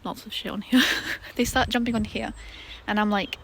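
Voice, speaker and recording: A woman's voice: on the high side, fairly even intonation, brisk, few pauses, a little hiss or hum. A woman vlogger telling a story to camera in a rambling, casual way, with many fillers and restarts, outdoors in a garden.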